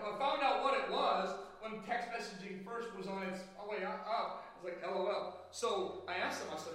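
A man preaching a sermon in a church, with a loud carrying voice and folksy asides. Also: high voice, recorded from a distance. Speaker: pastor. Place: church hall. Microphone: handheld or stand mic. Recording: very echoey church room.

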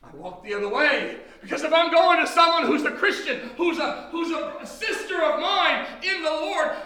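High bright-voiced preacher in echoing hall. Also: male voice, lively intonation, moderate pace. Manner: emphatic, repeating words as he builds. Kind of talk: testimony sermon. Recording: very echoey hall.

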